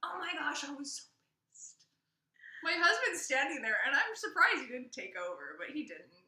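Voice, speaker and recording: Podcast co-host, woman, casual ranting storyteller, slightly high voice. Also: normal speed, echoey room. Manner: animated, ranting storyteller who laughs often. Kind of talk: casual chat.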